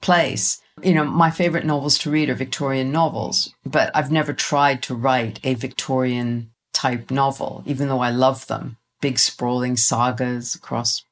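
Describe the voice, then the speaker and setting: A middle-aged woman with a low voice speaks as a guest author. She talks in a thoughtful, reflective way, pausing with fillers. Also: steady tone. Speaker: children's author, interview guest. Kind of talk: casual interview chat.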